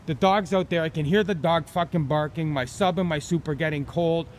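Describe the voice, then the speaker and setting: A man's voice: a little high, a little fast, slight background noise. A middle-aged man, ranting bluntly and profanely as he tells an angry story in his vlog. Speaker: vlogger.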